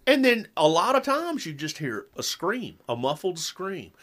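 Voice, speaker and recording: A middle-aged man with a fairly high voice, talking casually about parenting. He tells stories with energy, often sinking into a low growl for emphasis and then bouncing back up. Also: unhurried. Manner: animated storyteller, drops low for emphasis.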